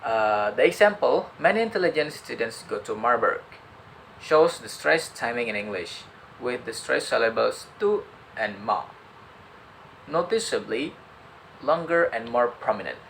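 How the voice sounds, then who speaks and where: A young man with an Indonesian accent talks through his notes on a lecture, often stopping on fillers and restarting his sentences. His voice has a gravelly edge. A faint hiss sits under the recording. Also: medium pitch, lively intonation, fairly bright tone, poor audio. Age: young adult. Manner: halting, with many fillers and restarts. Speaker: student. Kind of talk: student summary of a lecture, partly read aloud.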